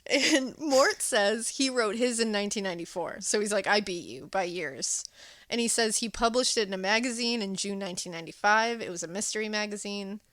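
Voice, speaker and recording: A woman's voice: mid-range voice, brisk, hardly any pauses, no room sound. Chatty woman podcast host recapping a movie, lots of laughs, dry close mic. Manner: animated, laughing, acting out quotes. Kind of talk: casual chat recapping a film.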